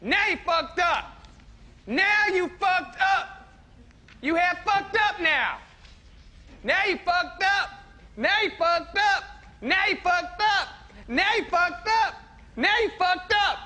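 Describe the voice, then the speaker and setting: An actor playing a crude, belligerent president who heckles a play, shouting and swearing. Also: male voice, very high voice, expressive, slow pace, pauses often, heavily acted. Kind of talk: sketch comedy acting.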